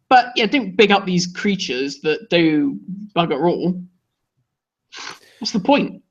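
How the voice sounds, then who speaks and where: A man co-hosting a casual review chat, animated and indignant, laughing often. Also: high-pitched, slow pace. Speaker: co-host. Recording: dull lo-fi recording.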